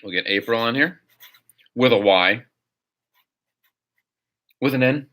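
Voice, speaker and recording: A man hosting a live chat stream reads viewer questions aloud and then rants his answers. His bright, forceful voice sits at an ordinary middle pitch, and he speaks slowly in an opinionated, rambling style.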